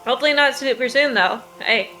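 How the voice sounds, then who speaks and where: Bright high-voiced joking woman player. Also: a little fast, slight background noise, low-quality recording. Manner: joking and playful. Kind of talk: casual tabletop game chat.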